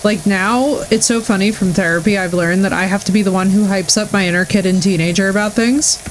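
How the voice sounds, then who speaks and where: A young woman streams live, chatting with viewers in a gushing, effusive, excitable way. Her mid-range voice is brisk, and the low-quality recording carries faint noise beneath it.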